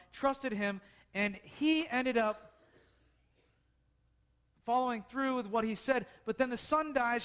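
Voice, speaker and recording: A man's voice: very high voice, fairly bright tone. A man preaching a casual storytelling sermon, talking conversationally and asking the listeners questions.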